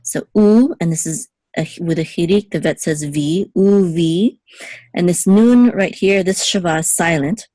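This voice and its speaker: Patient low-voiced woman teaching Hebrew. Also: measured pace, dark tone, no echo. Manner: patient, explains step by step, checks in with "okay?". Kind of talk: one-on-one lesson.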